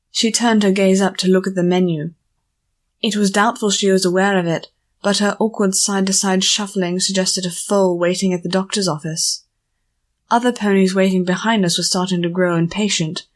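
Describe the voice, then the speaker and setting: A woman narrating an audiobook chapter in a measured storytelling manner. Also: mid-range voice. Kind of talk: scripted narration.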